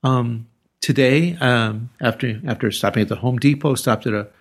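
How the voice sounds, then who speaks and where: An older man, a retired teacher, telling rambling anecdotes with halting restarts as an interview guest. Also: medium pitch. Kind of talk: casual interview storytelling.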